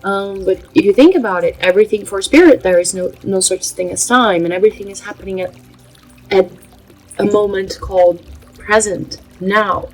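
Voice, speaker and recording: Casual spiritual vlog talk comes from an earnest Brazilian host whose native tongue is Portuguese, speaking haltingly with many filler pauses. Her voice is medium-pitched and a little mellow. Soft background music plays under the rough recording.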